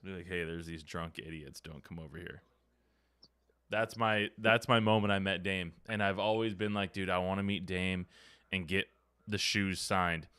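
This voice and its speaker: A man's voice: low voice, fairly even intonation, normal speed, pushed and bright, smooth, no echo. A man hosting a podcast, telling a story in casual chat, acting out quotes and swearing freely. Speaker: podcast host. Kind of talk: casual chat, animated anecdote.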